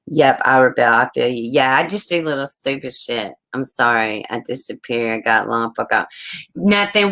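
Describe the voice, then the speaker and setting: A woman, chatting on a true crime livestream from home, rambling, excitable and swearing often. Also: very deep voice, poor audio. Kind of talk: casual livestream chat.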